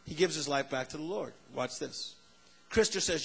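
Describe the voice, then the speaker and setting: A male preacher telling a story in a sermon, animated and acting out the people in it. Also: a little high, normal speed, gravelly, breathy edge.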